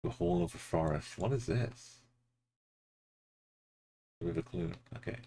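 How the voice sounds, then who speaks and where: A man's voice: low voice, lively intonation, a little slow, dark tone, husky. A man streaming a geography game, casually muttering place names and making playful asides. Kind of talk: casual live-stream commentary while playing.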